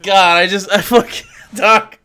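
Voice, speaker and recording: A man's voice: high-pitched, steady tone, measured pace, bright, forceful tone, clean tone. A man streaming live, taunting a chatter with profanity and frequent laughter.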